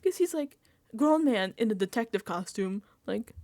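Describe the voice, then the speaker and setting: Animated young woman recapping reality TV. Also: mid-range voice, normal speed, dry recording. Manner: animated, mimics people in whiny pleading voices, swears casually. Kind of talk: casual reaction chat.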